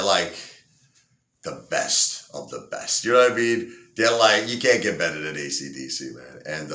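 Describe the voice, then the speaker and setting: Casually rambling through a story, this man fills it with fillers and performs quoted lines in different voices, as an entertainer storyteller does. He has a low, bright, forceful voice in a reverberant space.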